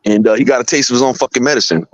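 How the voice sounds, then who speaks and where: A man's voice: mid-range voice, rapid-fire, no room sound, dull audio. A man talking bluntly and profanely as a guest on a live stream show. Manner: blunt, profane street talk. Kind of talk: casual chat.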